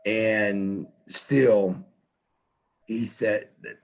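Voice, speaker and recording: A man's voice: fairly low pitch, steady tone, very slow. A man telling a story as a podcast guest, stammering, repeating himself and swearing often. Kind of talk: casual storytelling.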